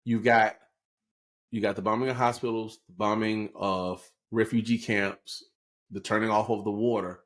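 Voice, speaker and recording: A male podcast co-host talks through current events in a casual, explanatory political chat, often checking in with "right?". His voice is on the low side, his delivery flat, and his pace moderate.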